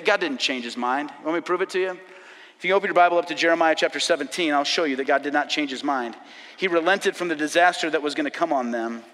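A male pastor preaching with urgent force, firing rhetorical questions at his congregation. His voice is bright, sitting a touch high for a man, and it rings out with a long reverb from the church sanctuary. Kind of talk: sermon.

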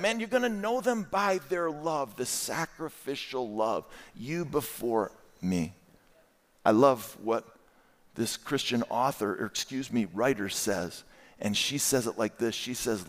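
A middle-aged man preaching a sermon as a guest speaker, animated and asking the congregation questions. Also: medium pitch, a little slow, long reverb tail. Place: church.

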